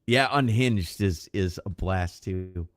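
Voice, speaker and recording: A man's voice: sits low, slow pace. A man co-hosting a casual podcast who talks loosely and swears, with plenty of fillers, and thanks viewers as he goes. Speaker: podcast co-host. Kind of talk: casual chat on a livestreamed podcast.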